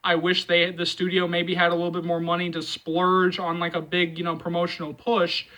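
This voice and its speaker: A man's voice: high-pitched, monotone, brisk, pushed and bright, poor audio. A man hosting a movie channel, talking casually and rambling, with many fillers and repeated phrases as he reassures fans. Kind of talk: casual commentary vlog.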